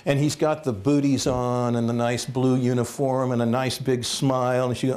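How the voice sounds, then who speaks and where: A man giving a comic storytelling talk as guest speaker at a college, animated and jokey, acting out voices. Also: mid-range voice, moderate pace. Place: lecture hall at a college.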